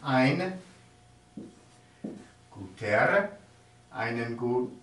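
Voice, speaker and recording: In an echoey classroom recorded from afar, a German teacher with a medium-pitched, fairly bright voice and lively intonation teaches grammar. He goes slowly, explaining each step as he writes on the board.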